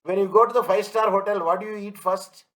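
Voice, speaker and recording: A man's voice: high-pitched, fairly even intonation, quick pace, a bit bright, low-quality recording. A man teaching an online class, repeating his points and asking students if they follow. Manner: everyday analogies, emphatic. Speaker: lecturer.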